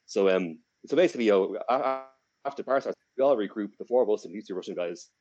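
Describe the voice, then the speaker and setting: Here a young man from Ireland, a podcast co-host, spins a rambling, casual story with plenty of false starts and fillers. His voice is lowish and darkish, the pace quick, and the high frequencies are missing.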